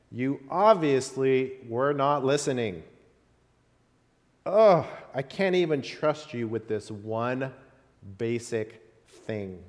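A man's voice: medium pitch, darkish tone. Exasperated male teacher figure scolding his pupils, impatient tone, put on by a pastor, in a reverberant hall.

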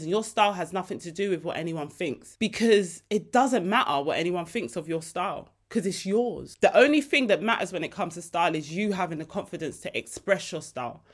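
A woman hosting her own podcast, telling stories in a lively, emotional way and laughing easily. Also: on the low side. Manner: animated storytelling, laughs and gets emotional easily. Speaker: podcast host. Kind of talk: casual solo podcast chat.

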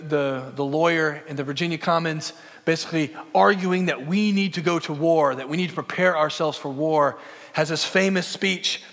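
A man's voice: a little high, a bit bright. Earnest man preaching in a reverberant hall. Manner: earnest, conversational with film references. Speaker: pastor. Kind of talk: sermon.

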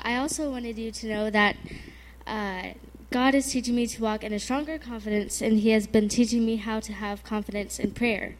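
A soft-spoken woman gives a short devotional talk to a church group. She sounds hesitant and fills her pauses with "uh" before she reads a scripture passage. Her voice sits slightly high. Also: rough recording. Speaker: youth speaker.

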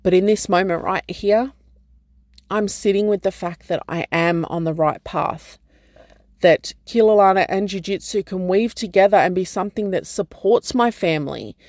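A woman, speaking in a gentle, reflective way as she shares a personal vlog update and spiritual encouragement. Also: mid-range voice, moderate pace, no echo, studio quality. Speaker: program founder and guide.

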